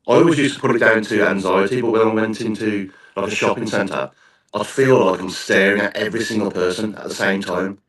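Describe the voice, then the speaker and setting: A podcast host with a Black Country accent chats casually in an interview, thinking out loud with rambling sentences he keeps restarting. His voice sits on the low side with a steady tone, a slightly fast pace and some brightness, recorded from a distance in a roomy space.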